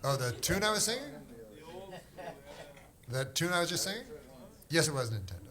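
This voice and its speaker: A middle-aged man from Canada doing stand-up crowd work, with rambling, deadpan, drawling storytelling. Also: on the high side, moderate pace, very noisy. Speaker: stand-up comedian. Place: comedy club stage. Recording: live club set with a loud crowd. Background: audience laughter.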